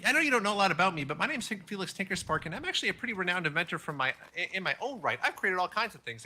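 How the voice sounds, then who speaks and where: A man in a tabletop role-playing game, rambling in character with plenty of ums and false starts. His voice is bright and sharp, fairly high and lively in pitch, and quick. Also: slight background noise. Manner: rambling, hesitant, full of ums and restarts. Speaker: player.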